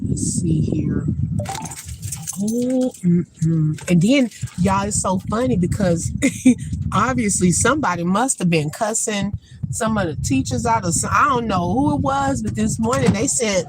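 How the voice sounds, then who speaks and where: A woman's voice: mid-range voice, animated, measured pace, background noise. A woman hosting a casual livestream from a parked car, chatting, laughing often and turning to preacher-like encouragement. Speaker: livestream host. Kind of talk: casual live chat with encouragement.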